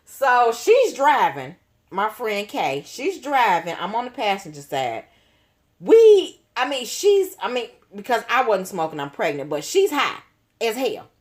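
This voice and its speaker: A woman telling a story in a casual, animated way, using slang and swearing freely. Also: medium pitch. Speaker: nail artist, channel host.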